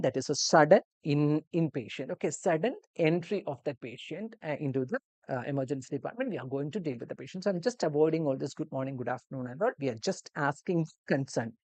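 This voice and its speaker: A woman's voice: low-pitched, expressive, fast, hardly any pauses, darkish tone, dry recording. A woman teaching a live online exam-prep lesson, explaining steps in a meandering way with many restarts. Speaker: language teacher.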